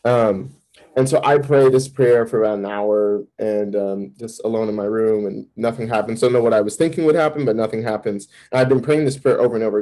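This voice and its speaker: Mellow-voiced man telling his story. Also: steady tone, brisk, low-quality recording. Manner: candid, vivid storytelling with sudden pitch jumps. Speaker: campus minister. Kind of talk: personal testimony in an interview.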